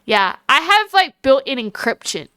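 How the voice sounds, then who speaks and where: An Australian woman livestreaming and chatting casually with her viewers, rambling and giggly, talking fast with lots of fillers. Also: sits high, big pitch swings, sharp tone, clean tone, dry recording. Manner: chatty and giggly, talks to chat and calls herself by name.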